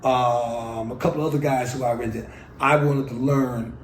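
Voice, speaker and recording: Older New Yorker, interviewee, blunt and cursing, mid-pitched voice, roomy recording. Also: male voice, fairly even intonation, normal speed, slight background noise. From New York City. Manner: blunt, profane storytelling. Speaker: oral history interviewee. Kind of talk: oral history storytelling.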